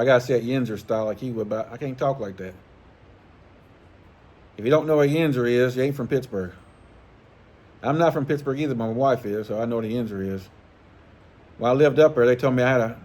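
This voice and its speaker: Middle-aged man, easygoing and profane, rambling casual vlog chat at mid pitch. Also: brisk, darkish tone. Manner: rambling, profane, laid-back, chuckling. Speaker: fishing channel host.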